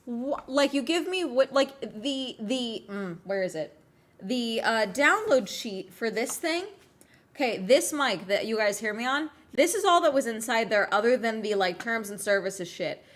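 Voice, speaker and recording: A woman's voice: fairly high pitch, lively intonation, measured pace, a bit bright. A woman streamer in casual chat, ranting with exasperation and swearing, while she is sick.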